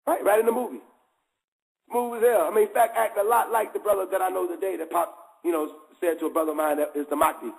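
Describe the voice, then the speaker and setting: A male host gives a casual, preaching talk in a loose, conversational style. He keeps checking in with his listeners as he goes. His voice is high and gravelly. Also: fairly even intonation, fast talker, low-quality recording.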